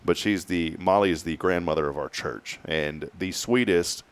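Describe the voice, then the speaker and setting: A man's voice: sits low, normal speed, clean tone. A man hosting a morning talk show, chatting casually and rambling with jokes.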